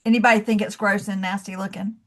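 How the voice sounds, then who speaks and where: A woman's voice: medium pitch, flat delivery, quick pace, a bit bright. Chatty Southern woman presenting online. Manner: chatty and encouraging, says y'all and calls listeners love. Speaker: webinar presenter and coach. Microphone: video call.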